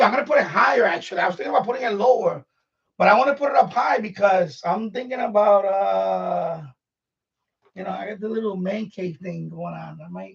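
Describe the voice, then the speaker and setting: High-pitched, gravelly and husky, a middle-aged man's voice rambles through a live stream full of fillers and restarts. He's breathless, moving around his home studio as he cleans it up. The lo-fi mic sounds distant and dull.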